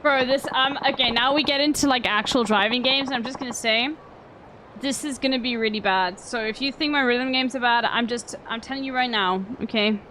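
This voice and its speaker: A woman's voice: a little high, a little fast, pushed and bright, slight background noise, low-quality recording. A young woman streamer chatting casually and swearing freely while she plays a video game. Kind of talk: casual gameplay commentary. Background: game music.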